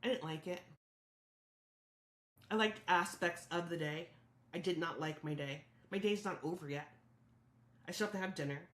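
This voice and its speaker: A woman's voice: on the low side, moderate pace, long pauses, fairly bright tone, reverberant. A woman hosting a solo podcast, talking candidly and reflectively about her own thoughts and feelings. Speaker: podcast host.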